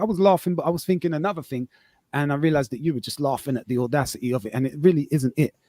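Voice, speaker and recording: A man's voice: fairly high pitch, rapid-fire, warm tone, no echo. A man on a live podcast call, arguing casually, swearing and reading aloud off his screen. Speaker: podcast host.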